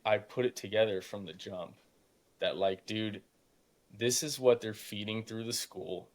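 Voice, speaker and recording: An eighteen-year-old man, a podcast guest, telling stories in casual talk, mocking the people he quotes and saying "dude" a lot. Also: lowish voice. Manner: animated storytelling, mocking quoted voices, says dude. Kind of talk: casual interview chat.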